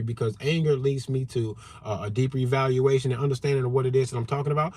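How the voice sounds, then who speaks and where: A man hosting a livestream rant from his car, loud and animated, cussing heavily and repeating himself to drive points home. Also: medium pitch, no room sound. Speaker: channel host.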